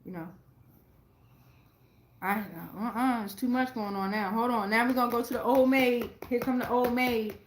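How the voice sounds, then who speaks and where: A tarot reader gives her viewers a casual reading, talking excitably and profanely, repeating phrases and asking "right?" again and again. Her voice is a little high, at normal speed, with a roomy sound.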